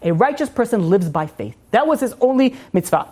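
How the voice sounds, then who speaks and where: A man, a rabbi, giving an informal Torah class as an animated storyteller who fills his talk with "you know". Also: very high-pitched, brisk.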